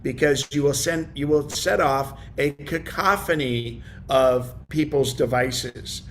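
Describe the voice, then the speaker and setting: A man's voice: a little high, takes it slowly, few pauses, a little hiss or hum. A man leading a casual online tech class over a video call, talking loosely with many fillers and restarts. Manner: rambling, lots of fillers and restarts. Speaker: class presenter.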